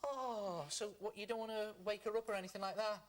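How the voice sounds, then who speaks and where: A young man hosting a children's game show, energetic and teasing, breaking into shouted cheering. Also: high-pitched, a little fast.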